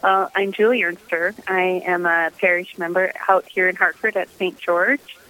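Bright-toned woman guest on the phone. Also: fairly low pitch, steady tone, moderate pace, rough recording. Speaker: call-in guest. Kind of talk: casual phone interview. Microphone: telephone.

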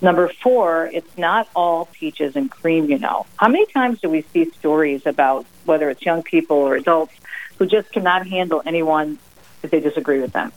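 A middle-aged woman from New Jersey speaks as a guest author on a radio interview. She tells stories emphatically and keeps them lively. She drops into quoted sayings with extra punch. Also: deep voice, moderate pace, poor audio. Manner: lively, emphatic, acts out her mother's sayings. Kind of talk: radio interview, personal storytelling.

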